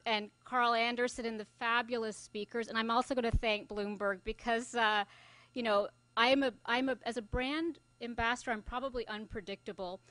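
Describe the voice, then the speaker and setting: A woman's voice: on the high side, pushed and bright, dry recording. A middle-aged woman from Scotland, a journalist giving closing remarks at a conference in a loose, conversational way with fillers. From Scotland (Glasgow). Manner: conversational, thinking aloud with fillers. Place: conference venue.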